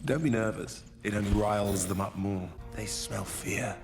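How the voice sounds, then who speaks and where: A man's voice: fairly low pitch, steady tone, moderate pace, vocal fry, over music. An actor playing a tall, sinister boogeyman who talks in a silky, taunting and mocking way.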